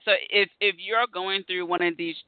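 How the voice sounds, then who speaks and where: A man's voice: high voice, steady tone, normal speed, smooth, no echo. A man hosting a casual conversation, telling stories animatedly and acting out his own reactions. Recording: tinny phone-like line.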